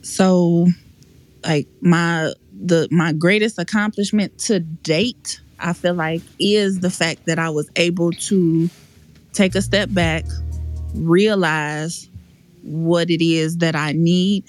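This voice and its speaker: A woman's voice: on the low side, steady tone, slow. A woman guest on a podcast, telling a painful personal story in a frank, emotional, slangy way with many restarts.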